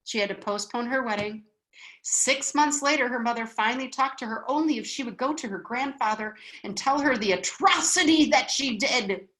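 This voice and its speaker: A woman with a fairly high voice leads a spiritual wisdom class. She talks in an animated lecture style. She keeps checking in with her listeners with a quick "okay?". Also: low-quality recording.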